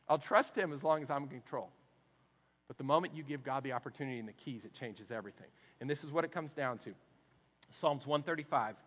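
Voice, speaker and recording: A man with a Texan accent preaching a sermon, swinging from hushed, low passages up to loud, emphatic ones. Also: slightly rough. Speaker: pastor. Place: church sanctuary. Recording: long hall reverb.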